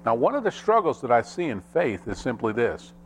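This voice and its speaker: A man preaching a sermon as pastor, with dramatic rises and drops in pitch and pace. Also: sing-song, brisk, slight background noise.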